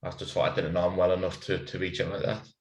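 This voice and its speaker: A man's voice: low voice, level tone, rapid-fire. A man, co-hosting a podcast, chatting casually over beers with rambling, laughing banter. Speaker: podcast co-host. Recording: echoey room.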